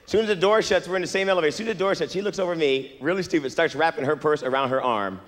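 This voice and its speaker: A man's voice: fairly high pitch, racing. A man performing a stand-up comedy set, with a brash, punchy delivery and crowd work. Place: comedy club stage. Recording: live club recording with long reverb.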